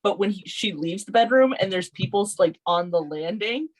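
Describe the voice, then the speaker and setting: A woman co-hosting a podcast in casual chat, giggly, quoting film lines in high voices, with a slightly husky voice. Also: animated, moderate pace, rough recording. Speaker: podcast co-host.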